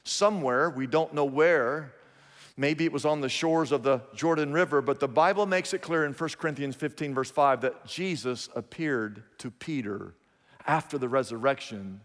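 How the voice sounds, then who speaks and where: A man's voice: mid-range voice, moderate pace, fairly bright tone, big-room sound. A man preaching a sermon, telling a story emphatically with lots of repetition.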